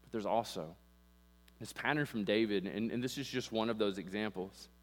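A man's voice: lowish voice, normal speed. A male pastor preaching with passion, rising and falling in force and acting out the voices he quotes, recorded in a church sanctuary on a pulpit microphone. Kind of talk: sermon. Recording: long reverb with mains hum.

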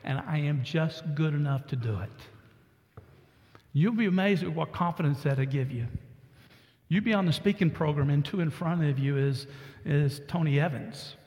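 A man's voice: fairly high pitch, normal speed, darkish tone, big-room sound. A man in his sixties from Texas, a pastor preaching a sermon with folksy stories that build to emphatic exhortation.

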